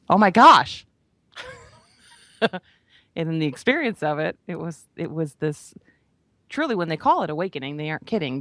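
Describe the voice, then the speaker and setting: A woman's voice: sits low, vocal fry, no room sound. A woman spiritual teacher telling a personal story in a conversational way, often checking in with "right?" and "you know.". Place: radio broadcast.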